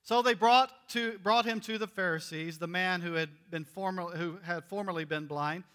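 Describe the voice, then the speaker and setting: A man's voice: high-pitched, normal speed, fairly bright tone, long reverb tail. A man preaching a conversational sermon, reading scripture aloud and joking with the congregation. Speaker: pastor.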